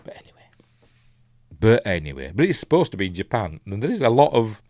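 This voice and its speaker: Fast-talking and lowish, with big swings in pitch and a darkish tone, a man with a Yorkshire accent hosts a casual live film commentary. As a reviewer leading the watch-along, he meanders, says um a lot, restarts sentences and chuckles at his asides. The studio recording is clean and echo-free.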